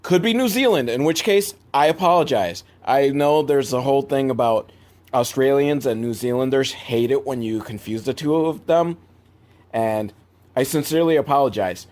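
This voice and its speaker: A man's voice: normal speed, darkish tone. A young man recapping a film for laughs, in a mid-range voice that suddenly leaps up when he gets worked up. He rambles, doubles back and drops sarcastic asides. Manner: rambling, sarcastic, big swings in pitch. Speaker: movie reviewer.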